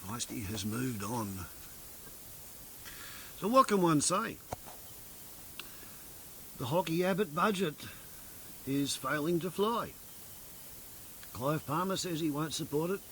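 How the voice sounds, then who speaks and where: A man's voice: fairly high pitch, animated, slow pace, long pauses, pushed and bright, a little hiss or hum. A man in his fifties giving a wry, meandering political commentary.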